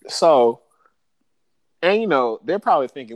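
A man hosting a podcast, telling a story with animated jokes, swearing and laughter in a casual chat. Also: medium pitch, measured pace, dry recording. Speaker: podcast host.

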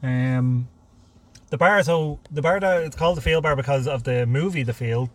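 A man's voice: mid-range voice, moderate pace. A man co-hosting a podcast in casual chat, laughing often and talking to listeners as folks, on a clip-on mic. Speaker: podcast co-host. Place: in a car outdoors. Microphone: clip-on lapel mic. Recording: noisy car interior.

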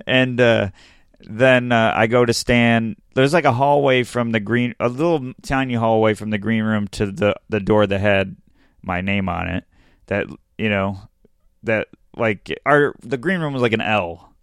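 A man's voice: lowish voice, fairly even intonation, measured pace, clean tone, no echo, clean studio sound. A young man, a comedian and podcast co-host, telling a rambling, self-mocking story in casual chat and laughing often.

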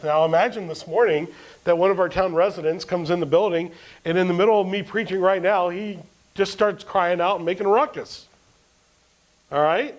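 A pastor with a high voice preaches to his congregation. He keeps asking them questions and answering them, and he reads scripture aloud with rising emphasis. The sermon is delivered at a church service. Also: moderate pace, low-quality recording.

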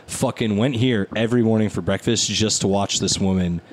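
A man hosting a podcast in casual chat, telling stories in an animated way and saying "dude" often. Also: fairly low pitch, a little fast, a little hiss or hum. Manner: animated storyteller, peppered with "dude". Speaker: podcast host.

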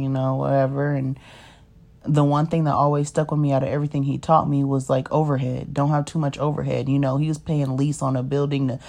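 Low-voiced woman rambling casually. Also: creaky, mellow. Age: 30s. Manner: rambling, leans on "you know what I mean". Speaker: storyteller sharing her life. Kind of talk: casual personal monologue.

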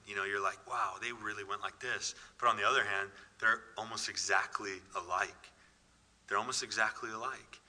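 A man's voice: lowish voice, pushed and bright. A man preaching a sermon as pastor, in an earnest, conversational way with emphatic repetition. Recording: reverberant hall.

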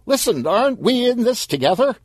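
A man's voice: very high voice, very animated, a little fast, dry recording, pitched above the performer's own voice, full character voice. A man voicing a panicky, clumsy young gamer in an audio story, frantic and pleading.

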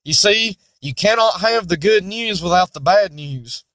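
With a high, fairly bright voice and lively intonation, a male preacher moves unhurriedly through a repetitive, emphatic sermon built on King James verses. He puts on a mocking tone to voice imagined objections, in an echo-free recording.

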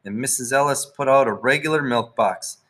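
A man's voice: medium pitch, fairly quick, fairly bright tone. A young man reading a first-person children's chapter book aloud as its narrator. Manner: first-person storytelling, lifting his voice for the children's lines. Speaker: audiobook narrator.

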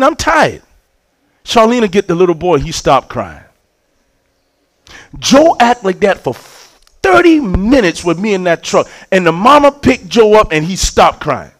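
A preacher in his forties tells a story from the pulpit in a high, lively voice that swoops up and down. He acts out each scene and repeats words when he gets worked up. The sound is dry and close. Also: dry recording, low-quality recording. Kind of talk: storytelling sermon.

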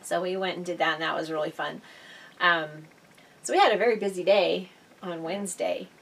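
A woman's voice: fairly low pitch, fairly even intonation, fairly quick, gravelly, a bit bright, slightly rough. Middle-aged woman co-hosting a podcast, chatty storytelling with lots of laughing, a bit far from the mic. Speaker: podcast co-host. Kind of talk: casual chat.

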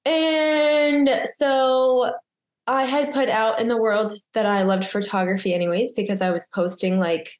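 Co-host: young woman, bright-pitched, chatty and self-mocking, on a video call with a roomy echo. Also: fairly even intonation, a little slow. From Maynard, Massachusetts. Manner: chatty storyteller, giggly, self-deprecating. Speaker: wedding photographer, podcast co-host. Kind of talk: casual chat.

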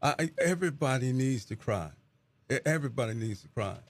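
Middle-aged male pastor guest, gravelly and earnest, reflective testimony delivery. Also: medium pitch, animated, a little fast. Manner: earnest, repeats words as he searches for them.

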